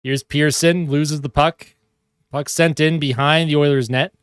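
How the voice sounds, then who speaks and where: Man, hockey play-by-play, casual home stream, fairly high voice, dry close mic. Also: steady tone, a little slow, clear, resonant tone, no echo. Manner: casual play-by-play, chatting with his cat and viewers. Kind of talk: live play-by-play commentary. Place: home room.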